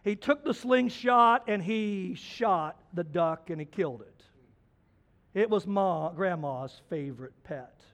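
A male preacher with a strikingly high voice delivers his sermon in an animated, folksy manner. He swings from loud, emphatic lines to quiet, hushed ones as he tells homespun stories. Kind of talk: sermon with storytelling.

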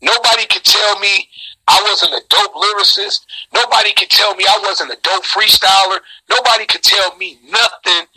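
A middle-aged rapper with a husky, rather high voice spins an animated, profane story in a casual interview. His tone is strikingly bright and forceful, and he leaps into sudden high shouts to act out what others said. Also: normal speed, poor audio.

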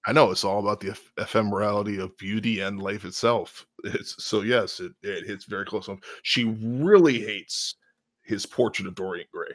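A man in a casual chat, informed and wry, making deadpan jokes. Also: on the low side, moderate pace, no room sound, clean studio sound.

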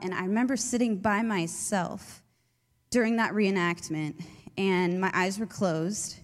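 A young woman, a youth leader, telling her faith story in a chatty way with many fillers. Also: medium pitch. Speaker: youth leader giving testimony. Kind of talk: personal testimony talk. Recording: long hall reverb.

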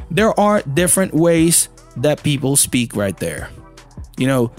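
A man teaching a casual English lesson, talking straight to the listener with lots of rhetorical questions. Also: sits high.

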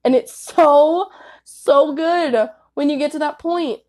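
A woman's voice: high-pitched, slow, darkish tone. A young woman giving candid, casual advice to her viewers, swearing freely and saying "like" a lot. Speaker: vlogger.

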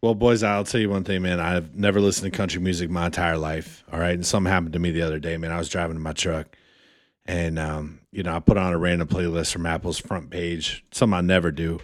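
Deep-voiced laid-back podcast guy. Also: little pitch movement, quick pace, no room sound, studio quality. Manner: laid-back, peppers speech with "man" and "dude". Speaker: podcast co-host. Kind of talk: casual podcast banter.

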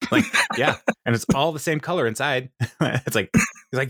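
A man with a lowish, slightly bright voice co-hosts a podcast, talking briskly in casual, rambling chat full of laughter. The recording is clean studio sound without echo.

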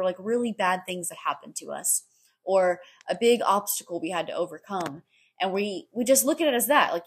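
With a slightly rough, mid-range voice, a woman hosts her podcast alone, rambling, swearing often, and leaning heavily on the filler "like."

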